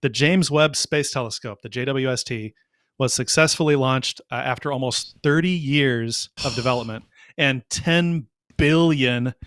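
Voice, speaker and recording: A man co-hosting a podcast, keen and detailed as he explains what he's been into lately. His voice sits at an ordinary pitch and sounds dry and close to the mic. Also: moderate pace, fairly bright tone, no echo. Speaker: podcast co-host. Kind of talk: casual chat.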